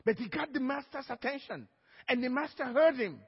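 A male pastor delivering an emphatic sermon and drawing amens from the congregation. His voice is strikingly high for a man. It carries through a long church echo on a muffled, dull recording. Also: expressive, a little fast, creaky, slightly rough. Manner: emphatic preaching, calls for amen. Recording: dull, echoey church hall.

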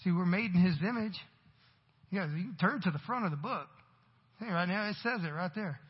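Husky guy giving a sermon, slightly high voice, long echo, muffled lo-fi audio. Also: a little fast. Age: adult parent. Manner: earnest, rhetorical questions to the congregation. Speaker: lay preacher at church. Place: church sanctuary.

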